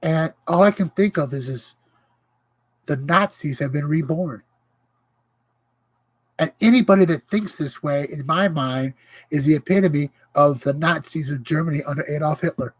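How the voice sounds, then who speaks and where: A man hosting his own livestream, ranting with indignation and pausing to greet viewers. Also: on the high side, no room sound, rough recording. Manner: impassioned, indignant, greets viewers mid-rant. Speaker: livestream host. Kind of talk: casual livestream rant.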